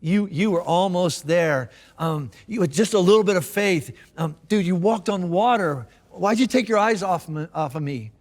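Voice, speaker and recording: A kindly, reassuring Jesus, as a pastor puts him on, speaks in an easygoing, friendly way. The voice sits high for a man. It rings with a long hall reverb. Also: moderate pace, few pauses, close to an everyday voice. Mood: consoling. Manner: warm, reassuring, casual. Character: gentle encouraging Jesus, a grown man.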